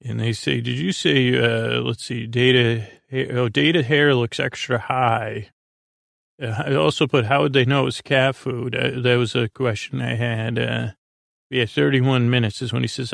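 A man's voice: medium pitch, level tone, moderate pace, gravelly, no echo, clean studio sound. A man hosting a podcast, casually recapping an episode with many fillers and quoting characters in his own voice. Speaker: podcast host.

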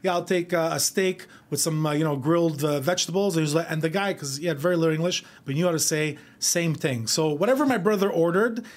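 A man on a podcast telling rowdy family stories in casual chat, swearing and laughing as he goes. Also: fairly high pitch. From Montreal. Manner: fast, profane, laughing while telling stories. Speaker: podcast co-host. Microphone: podcast studio mic.

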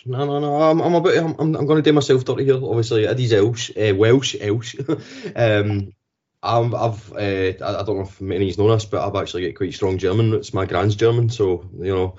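A man's voice: on the low side, steady tone, brisk, darkish tone. A man hosting a casual football podcast, chatty, with frequent ums and restarts. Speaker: podcast host. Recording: dull lo-fi podcast audio.

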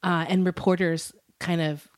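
A woman telling a story to her co-host in a loose, conversational way. Her voice sits fairly low. She leans on fillers and breaks into laughter often. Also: level tone, measured pace. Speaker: podcast co-host. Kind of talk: casual storytelling chat.

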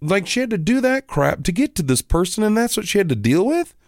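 A man's voice: sits high, big pitch swings, fast, dry recording, clean studio sound. A man hosting a podcast, ranting casually and with irritation, with some swearing. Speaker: podcast host.

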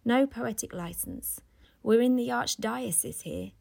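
A woman reading the part of a blunt, brusque male newspaper editor, gruff and dismissive. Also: on the high side, lively intonation, a little slow, darkish tone, pitched above the performer's own voice, heavily acted.

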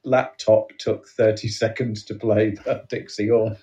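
A man hosting a casual comedy podcast, rambling with halting restarts. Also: fairly low pitch, level tone, warm tone, far from the mic. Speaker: podcast host.

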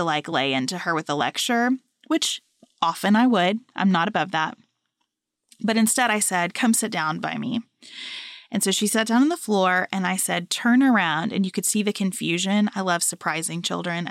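A woman in her thirties co-hosting a podcast, telling a family story in an animated, chatty way. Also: fairly low pitch, dry recording, studio quality. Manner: warm, animated storytelling with laughs. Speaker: podcast co-host.

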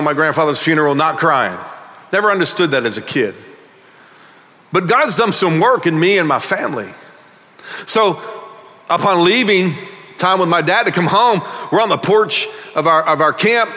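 High bright-voiced pastor guy preaching hard, loud bursts then quiet bits, long church reverb. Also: lively intonation, normal speed. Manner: emphatic preaching, swings between loud bursts and quiet asides. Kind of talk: sermon. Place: large church hall.

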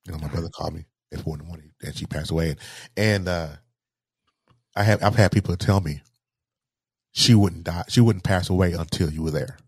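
A man telling a personal story in an interview, halting and repeating words as he speaks with grief. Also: low voice, breathy edge, no room sound, clean studio sound. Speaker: guest.

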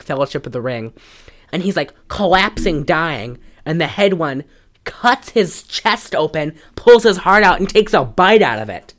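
A woman casually recapping a film's plot on a podcast, telling it in an animated way with lots of "like.". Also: deep voice. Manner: animated storytelling, frequent "like". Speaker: podcast co-host. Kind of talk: casual film recap chat.

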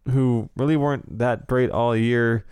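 Smooth-voiced man with wry podcast banter. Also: medium pitch, fairly even intonation, unhurried, darkish tone, no room sound. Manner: wry, laughing, dry humor. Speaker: podcast co-host. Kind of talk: casual soccer podcast chat.

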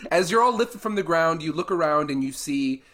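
A man narrating as game master of a tabletop game, halting and repeating words as he goes. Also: on the high side, lively intonation, heavy background noise.

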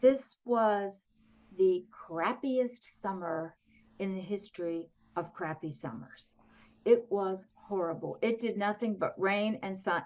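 A woman's voice: medium pitch, a little slow, highs cut off. A middle-aged woman from Pennsylvania, chatting with humor and frequent laughs as an interview guest over a video call. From southwestern Pennsylvania, US. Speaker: author and guest. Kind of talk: casual interview chat.

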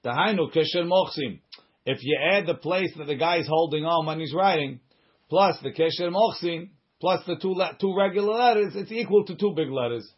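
In a lo-fi recording, a man with a voice on the high side teaches Talmud at a moderate pace. He reads the Hebrew and Aramaic text, explains it in English, and often restarts or wanders into side remarks.

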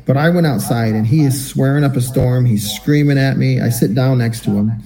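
Speaking a little fast, a medium-pitched man co-hosts a podcast and recounts a long story from his own life. He performs the dialogue in an animated, anecdotal style, and the audio is poor.

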